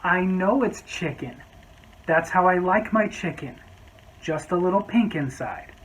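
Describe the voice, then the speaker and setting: A man voicing a stubborn male restaurant customer who speaks slowly and flatly and keeps insisting. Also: a little high, slight background noise, lightly acted, rough recording. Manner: slow, flat, insistent.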